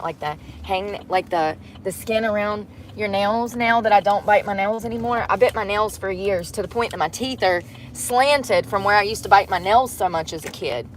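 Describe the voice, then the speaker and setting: A woman talks to her livestream from a truck at a gas station. She is rambling, candid and salty-mouthed, with a mid-pitched voice. Faint vehicle noise hums behind her on a phone mic. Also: moderate pace. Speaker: vlogger. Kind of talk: casual chatty livestream.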